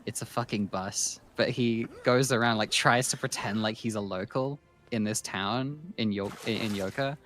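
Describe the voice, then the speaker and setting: A man's voice: fairly low pitch, moderate pace, few pauses. A man with a Scottish-tinged English accent, streaming and chatting casually, telling stories animatedly with restarts and swearing. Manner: animated, laughing storyteller with frequent restarts and swearing. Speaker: streamer host. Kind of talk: casual chat.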